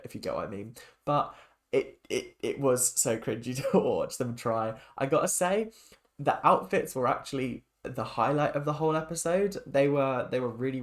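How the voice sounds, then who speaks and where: A young man talks through a reality show in a loose, rambling vlog. He has a mid-pitched voice and keeps circling back with fillers and restarts, in the easy tone of a casual opinion rant. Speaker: reality TV reaction vlogger.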